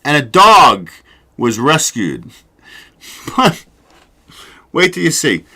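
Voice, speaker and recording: A very animated man with a slightly high voice hosts his own casual livestream show, drawing out words in a pushed, bright delivery. He rambles, swears freely, and laughs often.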